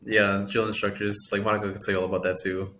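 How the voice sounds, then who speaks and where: A young man co-hosts a casual gaming podcast with a fairly low voice. He is easygoing and laughs often, and a faint hiss sits behind him. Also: level tone, fast talker, bright, forceful tone. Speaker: podcast co-host.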